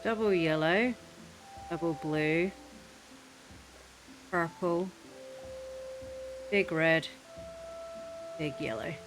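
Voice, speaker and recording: A casual gaming host talks the listener through a game, chatty and quick to slip into mock-furious grumbling. Faint game music plays underneath the voice. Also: medium pitch. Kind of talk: casual gameplay commentary.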